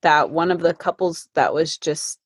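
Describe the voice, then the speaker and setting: A woman hosting a casual podcast conversation. Her voice is lower than most and a little husky, recorded close and dry. She talks in an easy, chatty way and keeps the talk going with murmurs of agreement. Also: normal speed, no echo. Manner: warmly responsive, frequent affirming murmurs and laughs. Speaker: podcast host.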